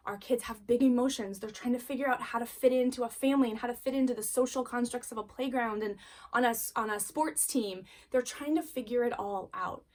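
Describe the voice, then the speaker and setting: A woman's voice: a little high, darkish tone. A woman, a mother of young children, giving a casual spoken lesson on parenting in an earnest, encouraging way and repeating key phrases. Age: adult parent. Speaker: parenting course teacher.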